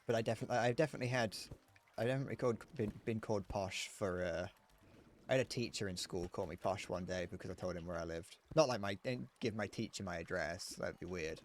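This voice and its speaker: A young man with a southern English accent, chatting casually while streaming a game and answering chat, muttering low to himself between brighter, self-deprecating replies. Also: quick pace. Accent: British, southern English. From England. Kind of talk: casual gameplay chat reading chat aloud. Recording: faint background noise and clicks.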